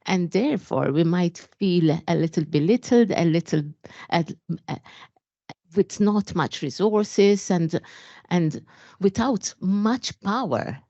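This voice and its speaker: A woman speaking on a conference panel, thoughtful and halting. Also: fairly low pitch, animated, dark tone, dry recording, dull audio. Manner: thoughtful, hesitant with fillers. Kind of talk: panel discussion.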